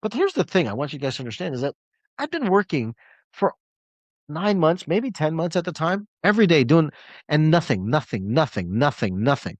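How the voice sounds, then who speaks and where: A man's voice: fairly high pitch, very animated, a little fast, no room sound. Emphatic man giving a motivational talk. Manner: emphatic and repetitive, leans on key words. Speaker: motivational speaker.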